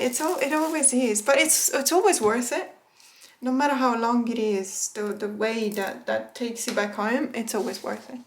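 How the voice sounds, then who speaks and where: A woman vlogging a casual tarot deck unboxing, chatty and excitable, laughing often and talking to her viewers as guys. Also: fairly high pitch, moderate pace, slight background noise.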